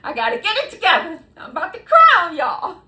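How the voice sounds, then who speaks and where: Her voice is extremely high-pitched and brisk. She's in her sixties, hosting her own show and addressing viewers directly in a relaxed monologue, animated and emphatic, with frequent laughter between sentences.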